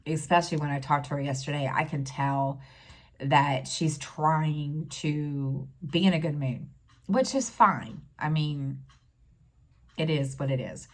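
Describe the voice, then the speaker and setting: A middle-aged woman talking in a casual personal vlog, halting and full of fillers, close to tears. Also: low voice. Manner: halting, many fillers and restarts. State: tearful, near crying. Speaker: stitching vlogger.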